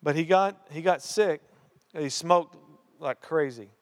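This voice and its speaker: A man's voice: on the high side, takes it slowly. Earnest pastor man preaching in a reverberant hall. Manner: storytelling, earnest, repeats key phrases. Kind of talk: sermon.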